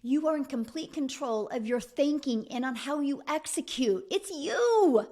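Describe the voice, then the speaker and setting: A middle-aged woman delivers a motivational talk as a business mentor, her voice pitched a bit high. She is emphatic and repetitive and speaks directly to the listener as a friend. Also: moderate pace, a little mellow.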